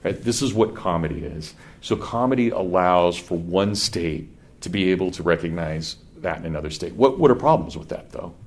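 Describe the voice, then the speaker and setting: A man's voice: low-pitched, animated, moderate pace, a little mellow. A middle-aged man with a Kansas accent giving a conversational classroom lecture and putting questions to his students. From Kansas, USA.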